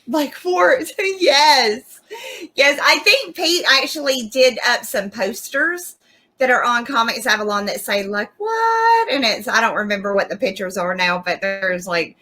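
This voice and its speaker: A young woman chats as an interview guest in a bright, clear voice, pitched a little high. She tells her stories by acting out what she said, with frequent laughs. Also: measured pace, poor audio. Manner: chatty, acts out quotes of herself and laughs often. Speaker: guest YouTuber. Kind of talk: casual interview chat.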